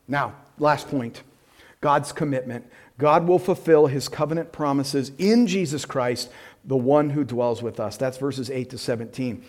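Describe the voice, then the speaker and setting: A man preaching a sermon, earnest, moving between quiet, intense stretches and emphatic bursts. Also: a little high. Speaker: pastor.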